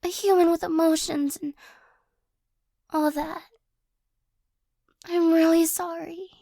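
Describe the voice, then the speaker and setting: A woman performs a remorseful young ex-girlfriend in an ASMR role-play. Her voice sits very high and moves slowly, with halting pauses and nervous little laughs. The sound is dry and close. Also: flat delivery, mellow, dry recording, exaggerated voice. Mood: apologetic.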